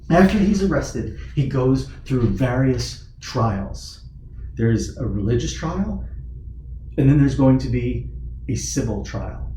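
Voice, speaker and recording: A man's voice: lively intonation, slow, mellow. A youth pastor preaching, retelling a story dramatically and acting out the figures he quotes. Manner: storytelling, voices quoted figures with rising pitch. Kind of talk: sermon. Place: church or youth room. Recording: roomy hall from a distance, faint noise.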